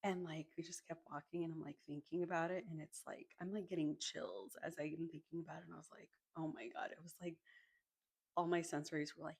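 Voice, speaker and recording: A woman from Arizona tells her story straight to the camera in a loose, chatty way, filling her sentences with "like." Her voice sits fairly low and has a husky edge with a gravelly fry at the ends of phrases. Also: fast talker, a little mellow. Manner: chatty, many "like" fillers, casual swearing. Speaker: energy healer and Reiki practitioner. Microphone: microphone in front of her.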